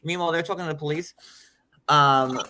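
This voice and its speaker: Host, male, slightly high and bright, blunt and heated, swears freely. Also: fairly even intonation, fairly quick, a little hiss or hum. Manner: heated and blunt, with profanity and repetition. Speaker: live stream host. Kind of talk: casual chat, retelling an argument.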